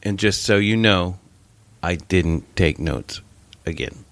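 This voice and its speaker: A middle-aged man co-hosting a casual podcast, telling a story and jumping his voice up high for the people he quotes. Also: slow pace, a bit bright, no echo. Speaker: podcast co-host.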